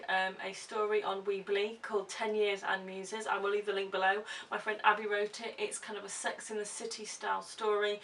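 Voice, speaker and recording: Bright chatty young woman. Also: mid-range voice. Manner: chatty, giggly, many ums. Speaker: vlogger. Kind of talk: casual chat to camera. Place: room at home. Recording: distant camera mic with hiss.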